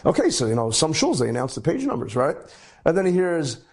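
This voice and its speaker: A man, a rabbi, telling an inspirational story in an animated way, his voice jumping up high at dramatic moments. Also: quick pace, breathy edge.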